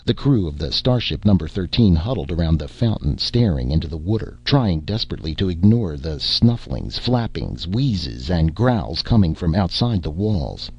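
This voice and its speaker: A man narrating a science fiction story in a dramatic, expressive reading. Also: deep voice, normal speed, hardly any pauses, breathy edge. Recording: dull, dry lo-fi recording.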